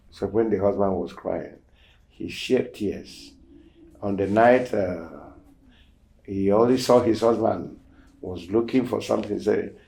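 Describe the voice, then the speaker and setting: A man hosting a show, casually telling a testimony story and acting out the quoted dialogue, swinging between loud emphasis and near-whispered asides. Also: fairly low pitch, unhurried, vocal fry. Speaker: show host.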